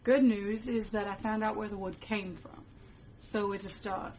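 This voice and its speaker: A woman's voice: medium pitch, fairly even intonation, normal speed, darkish tone, a little hiss or hum, lightly acted. A woman playing a laid-back female wizard professor with a casual, folksy way of talking, in a fan-made web drama.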